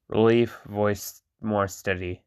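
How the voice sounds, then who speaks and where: A man hosting his channel, reading a chatbot role-play aloud in a monotone, stumbling over words and breaking off to react bluntly. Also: on the low side, slow, smooth, no echo, clean studio sound. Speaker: channel host reading an AI chat.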